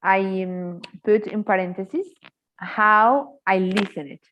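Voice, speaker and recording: A woman's voice: mid-range voice, fairly even intonation, slow pace, fairly bright tone, dull audio, slight background noise. A woman with Spanish as her first language, tutoring English in a casual, chatty way with lots of fillers. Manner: chatty, opinionated, many fillers. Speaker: English teacher. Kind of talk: casual online tutoring chat.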